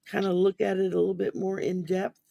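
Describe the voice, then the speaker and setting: A man's voice: sits high, little pitch movement, fairly quick, vocal fry, warm tone, no room sound. A man hosting a casual talk about mental wellness, rambling with many ums and restarts, sounding sleepy. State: sleepy, yawning. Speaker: podcast host.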